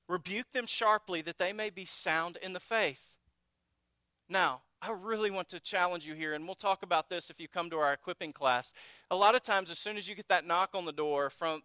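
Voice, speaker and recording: Man, pastor, sermon, high pitch, earnest, blunt, rhetorical questions, dry recording. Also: sharp tone, dry recording.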